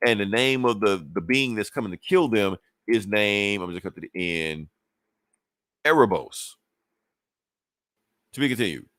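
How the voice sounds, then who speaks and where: A man's voice: fairly low pitch, moderate pace, pauses often, fairly bright tone, no echo, studio quality. A man casually recapping a comic book on a podcast, swearing freely and acting out the characters' lines. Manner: loose and profane, acts out characters' lines with laughs. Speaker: podcast co-host reviewing comics.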